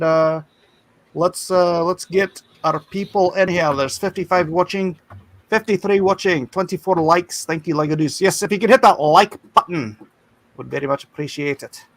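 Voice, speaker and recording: A man with a fairly high voice hosts a casual livestream, chatting in an unhurried way and reading comments from the chat aloud. He breaks into animated bursts now and then. His voice sounds close and dry, with no room echo. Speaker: livestream host.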